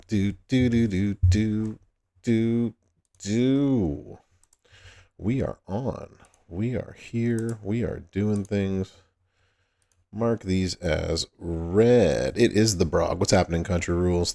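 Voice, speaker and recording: A man with a deep, gravelly voice chats loosely through a livestream, calling out viewers by name and chuckling between greetings. His tone is dark and mellow, and he talks at an unhurried pace. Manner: laid-back, greets chat by name, laughs often. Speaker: livestream host.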